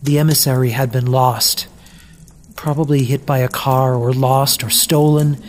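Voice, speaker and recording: Brief: unhurried storybook reader, mid-pitched, gentle and measured, faint hiss behind. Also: fairly even intonation. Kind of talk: scripted narration of a children's story.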